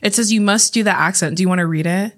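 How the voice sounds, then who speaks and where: A young woman co-hosting a podcast, reading out quotes sent in by listeners. She talks casually at a middling pitch and giggles often between lines. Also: fast. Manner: giggly, reads quotes aloud. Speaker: podcast co-host.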